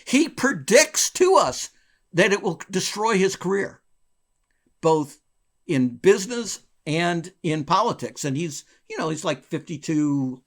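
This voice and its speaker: A man being interviewed, a former bank regulator telling a long story in a lively, chuckling way with wide swings in his voice. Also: a little slow. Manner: animated, wide pitch swings, chuckles between phrases.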